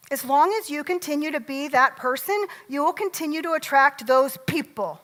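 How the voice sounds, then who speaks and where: Bright high-voiced woman speaking on stage. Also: fairly quick, hardly any pauses. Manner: lively, joking, asks the audience questions. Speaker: motivational speaker. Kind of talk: motivational stage talk. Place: large event hall. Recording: long hall reverb.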